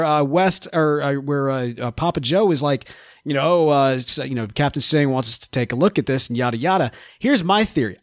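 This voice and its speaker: A man co-hosting a TV fan podcast in casual chat, animated and full of restarts as he spins theories. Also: a little high, dry recording, studio quality. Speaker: podcast co-host.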